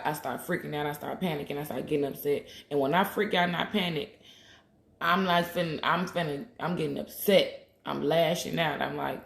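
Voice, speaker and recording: Gravelly, profane woman chatting on a livestream. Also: sits low. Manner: talks while crafting, reads comments aloud. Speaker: livestream host making healing waist beads. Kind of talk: casual livestream chat. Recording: roomy echo.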